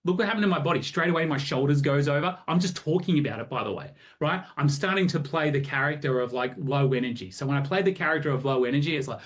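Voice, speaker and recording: A man coaching a group over a video call, energetic and acting out both sides of conversations. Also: on the high side, fast talker, hardly any pauses. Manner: energetic, animated, acts out both sides of chats. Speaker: sales coach.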